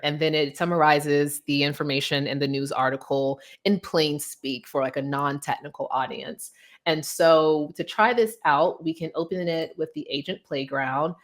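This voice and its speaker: A young woman giving a casual software demo, chatty and loose, with plenty of fillers as she walks through the steps. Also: sits low. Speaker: guest presenter demoing software. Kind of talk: casual tech demo chat.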